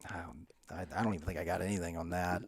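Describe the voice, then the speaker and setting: A man from Illinois, a guest actor telling stories in a casual, animated way with casual swearing. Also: deep voice, racing, dry recording. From Illinois, USA. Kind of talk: casual podcast chat.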